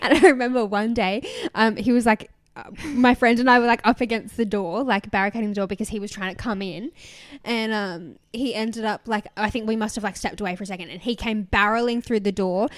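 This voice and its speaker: A woman in her twenties co-hosting a podcast, telling stories in a relaxed, easygoing way. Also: medium pitch, a little fast, no room sound. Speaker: podcast co-host. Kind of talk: casual chat.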